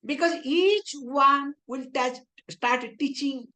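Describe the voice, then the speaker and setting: A woman teaching Vedanta speaks slowly in a high, pushed, bright voice with an Indian English accent. Her class on spiritual philosophy feels like a conversation, punctuated by frequent questions about whether listeners understand.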